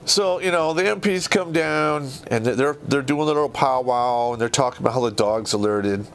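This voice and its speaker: A podcast host tells stories in a loose, rambling, conversational way, swearing heavily throughout. His voice is medium-pitched at a normal speed, with slight background noise.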